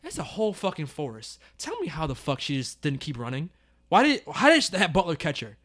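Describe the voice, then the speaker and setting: A man talks through a film with a co-host, his voice high and bright. He swings widely in pitch as he acts out characters' lines, swears freely, and keeps breaking into loud laughter. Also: a little fast. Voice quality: animated, profane, loud bursts of laughter. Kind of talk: casual movie review chat.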